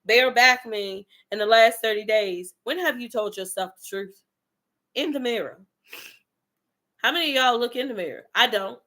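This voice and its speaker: Blunt, bright-voiced woman preaching tough love. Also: fairly high pitch, moderate pace. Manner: blunt, profane, preachy, calls out the listener directly. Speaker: motivational speaker. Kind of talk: fiery motivational monologue to viewers.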